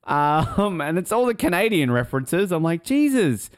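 A man's voice: a little high, sing-song, moderate pace, no room sound, clean studio sound. A man co-hosting a podcast in casual chat, rambling and interrupting himself, laughing often. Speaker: podcast co-host.

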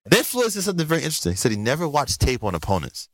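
A man co-hosting a boxing talk show, telling stories with lively swings in his voice. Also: mid-range voice, no echo. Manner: animated storyteller, quick impressions of others. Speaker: podcast co-host, boxer. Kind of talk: casual chat.

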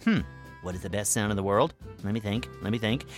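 A man voicing a boastful, excitable furry male cartoon hero who hosts a scripted children's radio show and talks in a bouncy, self-important way. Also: lowish voice, fairly quick, soft background music, natural voice.

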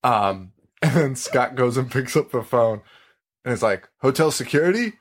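Talking a little slowly in a mid-range voice, a man hosts a podcast where he casually reviews a horror film. He laughs, stays animated, and performs movie lines as he goes.

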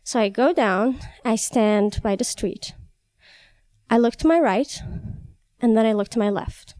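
A young woman from Iran telling a vivid first-person story, animated and laughing as she goes. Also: fairly high pitch, unhurried, no echo.

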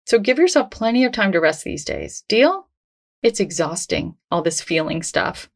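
A woman hosting a self-help podcast, talking in a gentle, reassuring, conversational way. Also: medium pitch. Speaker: podcast host.

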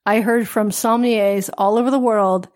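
A woman co-hosts a podcast with a deadpan, sarcastic delivery in loose, casual chat. Her voice sits at an ordinary middle pitch. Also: normal speed. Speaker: podcast co-host.

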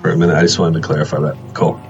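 A man's voice: very deep voice, little pitch movement, rapid-fire, lo-fi sound, faint music behind. A man in his thirties co-hosting a podcast, laid-back, telling family stories and chuckling. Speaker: podcast co-host. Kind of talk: casual podcast chat.

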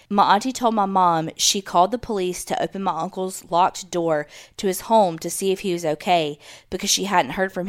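A woman hosting a podcast, reading a listener's true story aloud in a steady storytelling manner with dramatic pauses. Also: fairly low pitch, clear, resonant tone. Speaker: podcast host.

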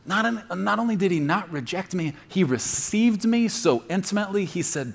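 A middle-aged man preaching a conversational sermon as pastor, dropping to a soft murmur for quoted prayers and apologies. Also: sits high, lively intonation, moderate pace, vocal fry, hardly any pauses.

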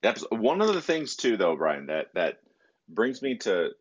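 Very deep-voiced man, dull lo-fi sound. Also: sing-song, measured pace, slight background noise. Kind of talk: conversational podcast talk.

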